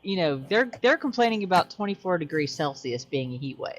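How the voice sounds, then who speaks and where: Woman, deep low voice, chatty and relaxed, faint hiss. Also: fairly quick. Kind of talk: casual chat.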